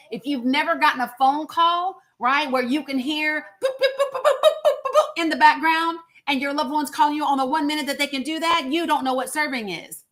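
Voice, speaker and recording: A woman hosts a livestream in a blunt, profane, direct way. Her voice sits high. She speaks straight to her viewers. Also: fairly bright tone. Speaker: host. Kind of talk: political livestream commentary.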